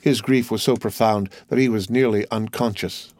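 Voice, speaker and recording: A man narrating a classic novel in a measured, steady reading. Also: fairly low pitch, dry recording. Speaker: audiobook narrator. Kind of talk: scripted narration.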